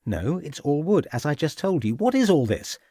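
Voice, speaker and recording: A man's voice: a little high, very animated, moderate pace, dark tone, breathy edge, no echo, studio quality, voice pushed up. A man reading an audiobook, voicing a nervous, defensive middle-aged male suspect who protests and evades. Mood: bewildered. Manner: agitated, protesting, evasive.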